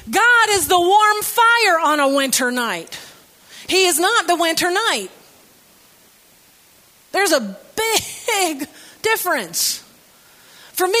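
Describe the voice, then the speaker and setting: Bright high-voiced woman preaching. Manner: conversational storytelling with humor. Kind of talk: sermon.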